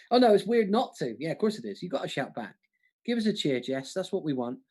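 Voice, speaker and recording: A panto comic co-hosting a livestream music quiz, jokey and chatty, often stumbling and restarting. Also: male voice, sits high, big pitch swings, moderate pace, darkish tone.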